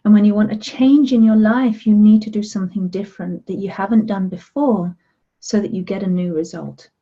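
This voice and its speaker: A woman coach leading a guided relaxation session, softly coaxing listeners and gently insisting they follow her guidance. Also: mid-range voice, fairly quick, phone-quality sound. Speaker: self-love coach.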